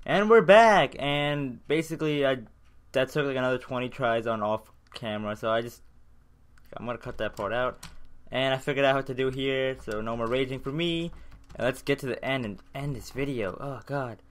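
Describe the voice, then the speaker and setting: A man's voice: medium pitch, normal speed. A young man with a sore throat giving casual gameplay commentary, ranting and swearing in frustration as he keeps failing. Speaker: gaming channel host.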